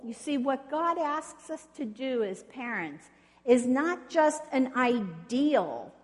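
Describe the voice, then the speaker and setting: A woman's voice: high-pitched, big pitch swings, slow pace. A woman preaching a sermon in an earnest storytelling way, asking the congregation questions. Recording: long reverb of a hall.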